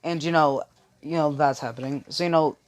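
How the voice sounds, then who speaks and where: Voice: medium pitch, steady tone, brisk, no echo. A young storyteller casually retelling a fan-made anime story from a bedroom, rambling and restarting, with constant "you know" fillers. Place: own bedroom with friends nearby.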